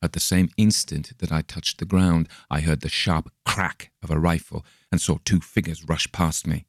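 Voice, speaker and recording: Male narrator, very low voice with gravelly fry, dry close recording, measured storytelling. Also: little pitch movement, no room sound. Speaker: audiobook narrator. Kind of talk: scripted narration of a classic story.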